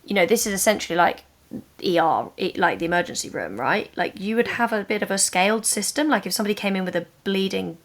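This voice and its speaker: A woman podcast host telling a personal story in casual chat, animated and emphatic, with lots of "like". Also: medium pitch, quick pace. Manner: animated, emphatic retelling with many "like" fillers.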